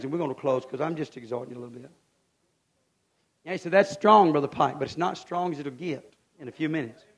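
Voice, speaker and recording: A male preacher delivering a fervent sermon in a voice high for a man. He drops to a hush, then climbs to shouted peaks. He talks in a folksy way and keeps asking the congregation questions. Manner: fervent, swings from hushed to shouting.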